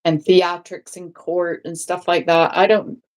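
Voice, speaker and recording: A woman with a lowish voice chats loosely on a live stream. She rambles, restarts her sentences and keeps checking in with "right?". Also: flat delivery, a little slow. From England. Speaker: guest. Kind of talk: casual live-stream chat.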